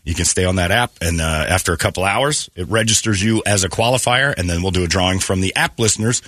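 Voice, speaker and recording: A man's voice: deep voice, quick pace, a bit bright, dry recording. A man hosting a casual morning radio show, congested from allergies, loose and jokey in a studio.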